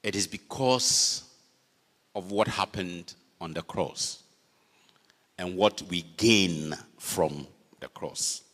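Slow, lively Ghanaian preacher in a hall. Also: male voice. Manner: preaching slowly with dramatic pitch swings, switching between English and Fante. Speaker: pastor. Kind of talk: sermon. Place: church hall. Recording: long reverb of a church hall.

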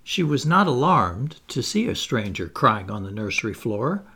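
Brief: male storybook narrator, animated delivery, a little raspy. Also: medium pitch, moderate pace. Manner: lively, expressive read-aloud with playful asides. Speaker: audiobook reader.

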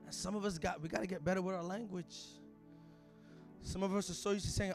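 A man preaching a sermon, moving from hushed asides to loud shouted declarations. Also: sits high, fairly quick, faint music behind.

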